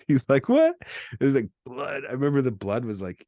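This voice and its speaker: A man's voice: medium pitch, moderate pace, a little mellow, dry recording. A man hosting an unscripted chat, telling a story with lots of swearing and acting out what people said. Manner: storytelling, profane, acts out quoted voices. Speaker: podcast host.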